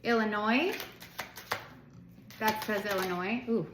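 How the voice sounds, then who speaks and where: A woman's voice: mid-range voice, slow. A woman from the United States giving a casual tarot reading to viewers, chatty and rambling, with lots of filler words. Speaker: tarot card reader. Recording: echoey room with background noise.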